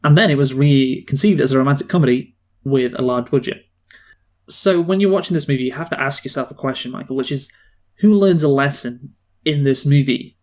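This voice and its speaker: A man co-hosting a casual film review podcast, asking questions and making his points in a measured way. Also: medium pitch.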